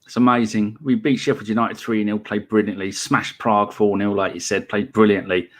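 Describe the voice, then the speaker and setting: A man's voice: lowish voice, level tone, brisk. Sardonic man reading questions. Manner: sweary, sardonic, joking. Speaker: podcast host reading viewer questions. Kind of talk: casual football chat.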